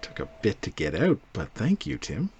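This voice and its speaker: A man's voice: lowish voice, normal speed, creaky, dull audio, slight background noise. A man hosting a casual movie podcast, talking loosely and with some swearing. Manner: loose, profane, animated delivery. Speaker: podcast host.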